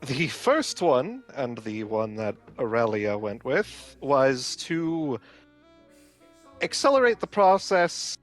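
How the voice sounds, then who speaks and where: A flustered, bookish young healer, played by a man, in a tabletop role-play game. He speaks slowly and stammers through his explanations, and his pitch swings widely. Faint music plays in the background. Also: sing-song. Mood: hesitant. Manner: hesitant, halting, stammering explanations.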